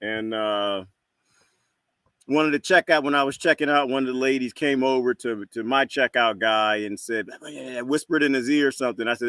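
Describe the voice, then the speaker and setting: A man hosting a casual live-stream chat from his outdoor patio, greeting viewers by name, laughing loudly and ranting. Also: mid-range voice, normal speed, long pauses, smooth, no room sound. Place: screened patio outdoors at sunset.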